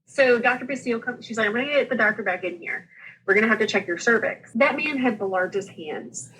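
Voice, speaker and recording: A woman, a podcast guest telling her story in a lively, laughing way and acting out the dialogue. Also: a little high, brisk, slightly rough, poor audio. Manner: animated, laughing, acts out dialogue. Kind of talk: casual storytelling.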